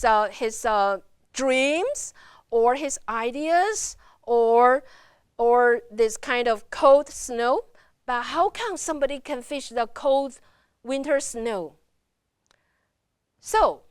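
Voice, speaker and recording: A woman's voice: high-pitched, no echo, studio quality. A woman teaching Chinese pronunciation in a university lecture, sounding out tones syllable by syllable in English with a Taiwanese Mandarin accent. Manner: models tones slowly, syllable by syllable.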